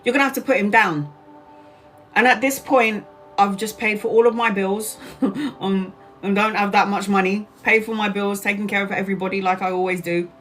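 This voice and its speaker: A woman telling a story casually to her livestream viewers. She is animated and swears freely, and she often repeats herself. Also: mid-range voice, moderate pace, faint music behind. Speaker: tarot reader and live streamer.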